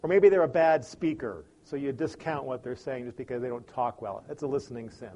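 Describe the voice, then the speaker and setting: A man's voice: mid-range voice, expressive, fairly quick, mellow. A man giving a lesson on listening in a conversational way, telling stories and acting out the people in them. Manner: conversational, acts out quoted people. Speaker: teacher on listening. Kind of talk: lecture with anecdotes.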